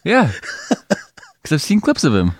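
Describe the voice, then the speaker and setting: A man's voice: fairly high pitch, huge pitch swings, unhurried, dry recording. A man co-hosting a podcast, telling a story in casual chat, rambling and laughing often, swearing freely. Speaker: podcast co-host.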